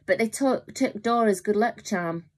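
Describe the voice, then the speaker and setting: A woman voicing a spirited young girl with a breathy, emotional way of talking. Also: medium pitch, measured pace, pitched above the performer's own voice, lightly acted. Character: spirited young girl caring for her baby sister.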